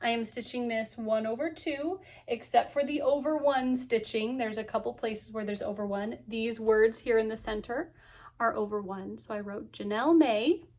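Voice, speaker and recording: Woman in her 30s, higher voice, rambling cheerful craft vlog chat, lots of ums. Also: moderate pace, darkish tone. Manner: chatty, lots of ums and so yeahs; cheerful, laughs often. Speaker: cross stitch vlogger. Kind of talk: casual chat to camera.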